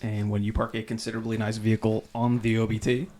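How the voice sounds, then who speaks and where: A man's voice: on the low side, flat delivery, quick pace, dark tone, slight background noise. A man talking as a podcast guest in casual chat, dropping wry asides and chuckling.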